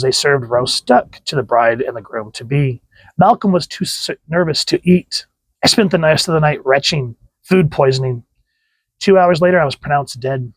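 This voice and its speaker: A man's voice: medium pitch, a bit bright, dry recording, lightly acted, low-quality recording. A man reading as a bitter undead bride. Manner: reads aloud from a comic.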